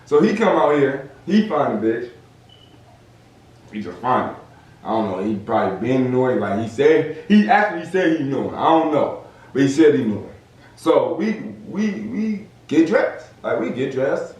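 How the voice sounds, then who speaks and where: Recorded from a distance, off-mic, in an echoey room, a young Southern Californian podcast host tells a story in casual slang and acts out the quotes with animation. His voice is medium-pitched and his pace moderate.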